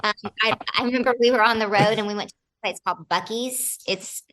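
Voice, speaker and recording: Actress guest, woman, bright lively storyteller in a casual interview. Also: medium pitch, quick pace. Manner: animated, acts out other people's lines.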